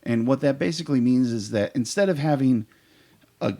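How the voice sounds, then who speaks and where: A man with a gravelly, creaky voice talks in a relaxed podcast chat. He tells eager, rambling stories as an improv performer and trails off into fillers as he goes. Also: mid-range voice, brisk.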